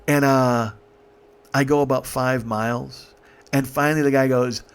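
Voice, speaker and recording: A man's voice: mid-range voice, steady tone, a little fast, vocal fry, smooth. Brief: comedian in his 40s, profane rambling storyteller, middle-range voice. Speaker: comedian host. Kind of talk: comic storytelling monologue.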